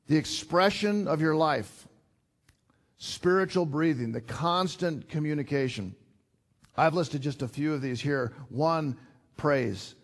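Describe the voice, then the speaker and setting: Speaking slowly in a slightly high voice, an older man delivers a sermon with earnest, conversational warmth. Frequent repetition leads him into emphatic climbs.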